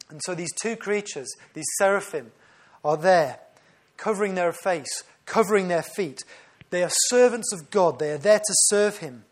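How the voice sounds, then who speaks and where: High-voiced man preaching. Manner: earnest, with frequent self-corrections. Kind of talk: sermon.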